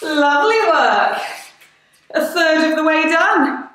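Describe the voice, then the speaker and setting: Breathless woman, bubbly and encouraging, high voice, echoey, distant. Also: expressive, takes it slowly, a bit bright. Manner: cheerful, encouraging, bubbly, with breathy whoops between cues. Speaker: fitness instructor. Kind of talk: live workout coaching.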